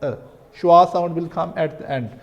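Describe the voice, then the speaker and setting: A man's voice: a little high, normal speed, gravelly, in a large hall, muffled recording. A man with a Pakistani English accent giving a recorded lesson, explaining step by step and often checking with "right?". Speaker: linguistics teacher. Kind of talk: recorded lecture.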